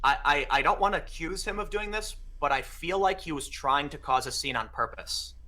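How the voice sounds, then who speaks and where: A man telling an animated anecdote in casual conversation, acting out the exchanges he describes. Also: fairly high pitch, normal speed. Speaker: podcast guest. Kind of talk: casual storytelling chat.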